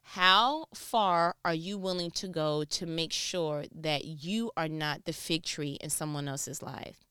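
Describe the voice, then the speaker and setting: A woman giving a motivational talk on relationships, preachy and animated, swinging from loud emphatic lines to low asides. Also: slow pace, clear, resonant tone, no room sound, clean studio sound. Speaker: speaker giving relationship advice.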